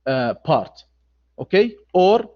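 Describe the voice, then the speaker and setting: Man, grammar teacher, online lecture, repeats himself, slow, slightly high voice, dull computer-mic sound. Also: big pitch swings. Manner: slow, deliberate, repeats key phrases.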